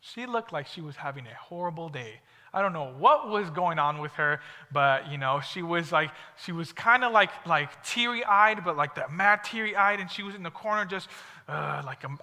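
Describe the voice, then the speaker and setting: Preaching to a youth audience, a young man tells stories in a cheerful, conversational sermon packed with side remarks. His voice runs on the high side, bright and forceful, echoing with the long reverb of a large hall.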